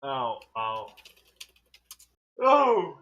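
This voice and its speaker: Brief: man co-host proclaiming names with mock grandeur, sweeping pitch, dull lo-fi sound. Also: huge pitch swings, drawn-out words, fairly bright tone. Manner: booms out item names dramatically, laughing. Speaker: co-host reading aloud. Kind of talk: casual stream commentary.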